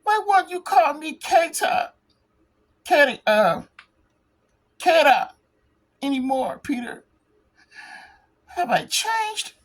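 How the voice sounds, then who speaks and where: A woman's voice: high-pitched, very animated, slow pace, pauses often, voice pushed up, heavily acted, poor audio. Woman reading as a heartbroken young heroine. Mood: hurt, pleading. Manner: reading comic dialogue aloud. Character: heartbroken young woman hero, hurt and pleading.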